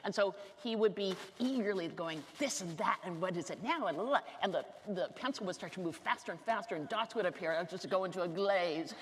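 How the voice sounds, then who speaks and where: A woman around sixty telling comic stories on stage, fast, animated and self-mocking. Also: on the low side. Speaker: author giving a talk. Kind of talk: comic storytelling talk on stage. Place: large lecture hall. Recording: reverberant hall with faint noise.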